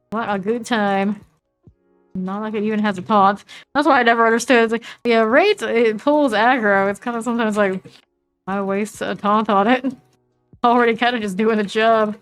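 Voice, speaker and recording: A woman with a Southern US accent, casually commenting while she plays a game, chatty and relaxed as she reads out item names. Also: mid-range voice. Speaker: streamer.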